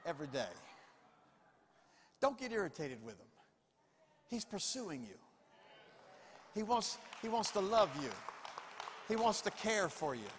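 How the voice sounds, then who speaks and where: A male pastor preaching a sermon, repeating phrases with emphasis and calling on the congregation to answer back. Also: sits high. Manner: repetitive, emphatic preaching with call-and-response. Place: church sanctuary. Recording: long reverb of a church hall.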